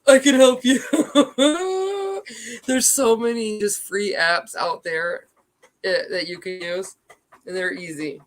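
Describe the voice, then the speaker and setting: A woman's voice: medium pitch, takes it slowly, poor audio. A woman in her thirties chatting casually on a livestream, rambling, reacting to chat and swearing freely.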